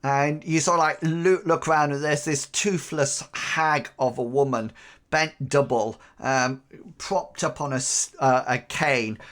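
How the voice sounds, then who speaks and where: A man's voice: medium pitch, fairly bright tone. A man narrating as game master in a tabletop game, describing scenes with hesitant, filler-heavy phrasing.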